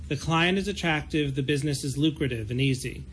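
A man reading the lines of a smug woman with a low voice, in his own fairly high voice, from his fiction. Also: brisk, fairly bright tone, slight background noise, close to an everyday voice.

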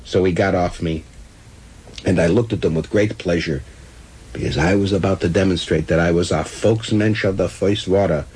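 Husky man reading a comic story. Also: sits low, normal speed, poor audio. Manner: animated, comic timing.

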